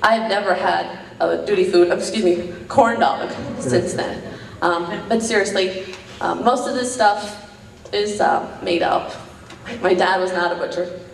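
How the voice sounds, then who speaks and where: A woman's voice: lowish voice, unhurried, creaky. A woman performing a stand-up comedy set, rambling and self-deprecating, with lots of "um" fillers, laughing at her own jokes. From New York. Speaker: stand-up comic. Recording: roomy, from a distance.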